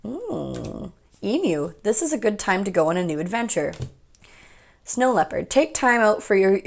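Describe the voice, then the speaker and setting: A woman's voice: medium pitch, big pitch swings, moderate pace, vocal fry. A young woman giving a casual pick-a-card tarot reading, chatty and rambling, often laughing at herself.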